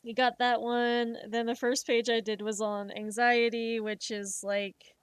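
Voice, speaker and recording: A woman streamer chatting casually while she makes art, swearing freely and retelling things in an animated, emotional way. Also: on the high side, measured pace, clear, resonant tone, no room sound. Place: home streaming setup.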